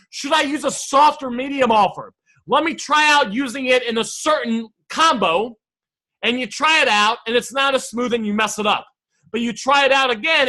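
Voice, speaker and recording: Very high-pitched and sharp-toned, this man coaches sales and negotiation in a laid-back online lesson. He curses liberally, comes across as brash, and repeatedly addresses viewers as "guys."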